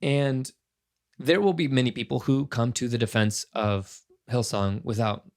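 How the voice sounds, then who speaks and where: A man in his thirties talks alone on his own podcast, his voice gravelly and full of fry. He speaks earnestly and with passion, circling back and restarting as he works through his thoughts. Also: mid-range voice, measured pace, darkish tone. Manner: earnest and impassioned, thinking aloud with restarts. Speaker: podcast host. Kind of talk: casual solo podcast commentary.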